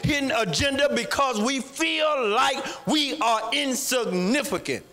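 Male pastor, high bright voice, sing-song whooping sermon delivery. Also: measured pace. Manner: chanting, sing-song preaching that rises into shouts.

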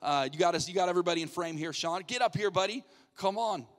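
Upbeat pastor in a reverberant church. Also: male voice, high voice. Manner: jokey, coaxing, quick asides. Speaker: pastor hosting a game. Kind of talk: playful audience hosting from the stage. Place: church sanctuary.

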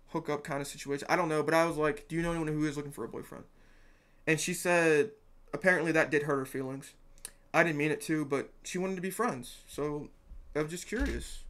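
Earnest rambling young man, higher voice. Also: fairly bright tone. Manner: earnest, rambling, swears freely. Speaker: vlogger giving dating advice. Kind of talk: casual talk to camera.

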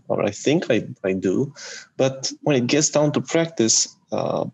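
A man's voice: medium pitch, gravelly, a little mellow, breathy edge, rough recording. A man in a conversation voicing skeptical, practical doubts, hesitant and full of fillers. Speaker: panel speaker.

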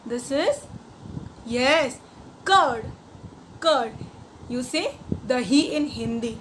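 Slow sing-song Indian English teacher. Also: female voice, high-pitched, animated, fairly bright tone, slight background noise. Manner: slow, sing-song, coaxing questions to children. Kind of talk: children's rhyme lesson.

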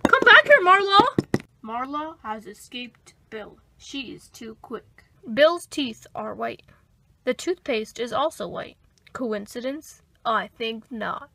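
A woman's voice: on the high side, slow pace, gravelly. A young woman narrating a toy pet skit in a mock-documentary manner. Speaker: narrator, channel creator. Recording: music playing underneath.

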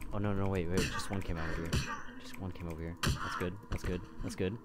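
Young gamer, low voice, yelps and swears through scares, background noise audible. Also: male voice, steady tone, a little fast. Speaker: gameplay commentator. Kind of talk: horror game let's play commentary.

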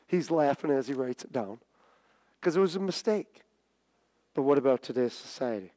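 A middle-aged man preaching a sermon, telling a story with stammers and restarts and big swings in pitch. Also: animated, normal speed, mellow. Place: church sanctuary. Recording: church hall reverb.

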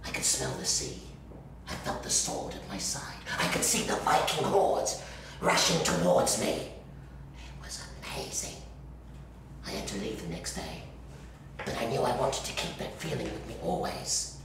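A man playing a gravelly, wry New orderly. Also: mid-range voice, sing-song, moderate pace, noisy background. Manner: wry, confiding storyteller. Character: male hospital orderly, a history-obsessed reenactor. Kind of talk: solo stage play. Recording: echoey stage from far off.

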